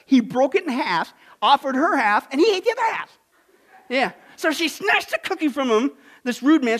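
Pastor, male, very high voice, dynamic delivery that jumps between soft and loud. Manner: dynamic, swings from hushed to loud, repeats "listen". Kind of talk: sermon.

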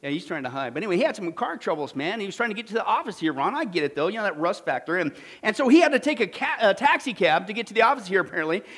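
Male pastor, very high voice, animated and jokey, sermon delivery. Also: very fast. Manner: animated, jokey, punchy exclamations. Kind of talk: sermon with storytelling.

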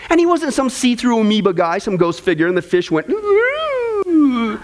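High-voiced guy preaching, cracking jokes, punchy lists, talks right at the crowd. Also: sing-song, quick pace, a little hiss or hum. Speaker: pastor. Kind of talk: humorous sermon.

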